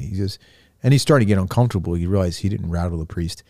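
A man with a fairly low voice tells a story in a relaxed, unscripted way. He often pauses, restarts and fills gaps with "um" and "you know." The recording is dry and close, with no room sound. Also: no echo. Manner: storytelling with many fillers and restarts. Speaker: podcast host. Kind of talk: casual spiritual reflection.

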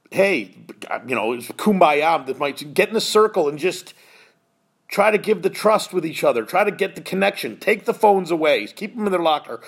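A man's voice: on the high side, animated, moderate pace, gravelly, husky. A man in his fifties hosting a podcast, telling an emotional personal story in an earnest, heartfelt way that turns choked up at times. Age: 50s. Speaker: podcast host.

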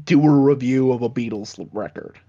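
A man's voice: medium pitch, a little fast, dark tone. A man co-hosting a casual podcast, blunt and sweary, who often restarts his words. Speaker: podcast co-host. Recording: dull lo-fi sound.

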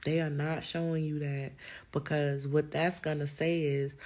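A young woman hosts a podcast, talking casually and animatedly to her listeners, full of slang and laughter. Her voice is low-pitched and darkish, with a flat, unhurried delivery.

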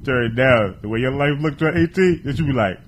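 Co-host, young man, rapid teasing banter, bouncy delivery, faint room hiss. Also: mid-range voice, animated. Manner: fast, joking, teasing banter with slang. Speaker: podcast co-host. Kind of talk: casual chat.

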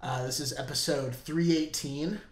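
A man's voice: on the high side, steady tone, normal speed, a little hiss or hum. A young man hosting a podcast in casual chat, joking, teasing and laughing often, in an echoey room. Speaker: podcast host.

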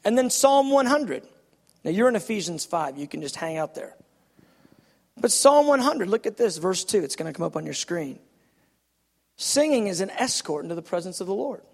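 A man's voice: sits high, very animated, moderate pace, big-room sound. A man preaching a sermon in a church, emphatic and repeating his phrases as he builds a point. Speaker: pastor. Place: church sanctuary.

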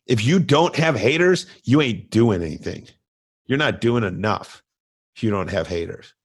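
A man's voice: on the low side, lively intonation, normal speed, breathy edge. A middle-aged man, a coach hosting his own show, giving blunt motivational talk with lots of repetition and emphasis. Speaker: coach and podcast host.

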